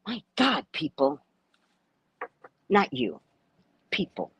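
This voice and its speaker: Low-pitched and slow, a woman speaks with slight background noise behind her. She's a psychic reader and spiritual adviser giving a casual opinion rant to camera, animated and exclamatory, blunt and profane, laughing frequently and addressing asides to viewers.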